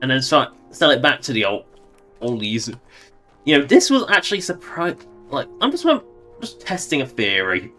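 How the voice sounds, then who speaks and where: A man's voice: medium pitch, big pitch swings, normal speed, sharp tone, soft background music. A man casually commenting on a game he plays on a livestream, wry and chatty, laughing at his own jokes.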